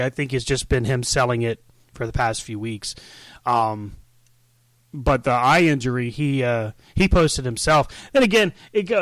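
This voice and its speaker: A man's voice: medium pitch, no room sound. A man co-hosting a casual wrestling chat, joking and enthusiastic as he tells stories. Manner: enthusiastic, joking, animated storyteller. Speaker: podcast co-host.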